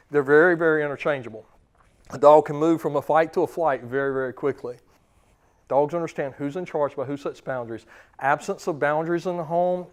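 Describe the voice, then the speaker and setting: A man's voice: fairly high pitch, a little mellow. A man in his thirties, a dog trainer giving a seminar to clients, talking casually with lots of fillers and questions to the audience. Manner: casual, quizzes the audience, many fillers and restarts.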